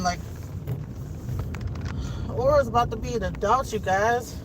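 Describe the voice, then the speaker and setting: Rambling, heartfelt mom in her forties talking to camera while driving, steady road noise. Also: fairly high pitch, measured pace. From Detroit. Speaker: vlogger and mother. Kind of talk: casual chat to camera. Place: inside a car on a school run. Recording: car road noise behind.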